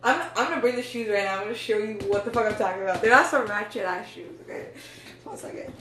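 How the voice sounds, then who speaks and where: A woman's voice: a little high, fast, a bit bright, far from the mic. A young woman, talking casually to camera as a meditation coach, loose and chatty, swearing freely and saying "like" a lot. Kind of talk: casual vlog talk. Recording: echoey room, voice off-mic, faint noise.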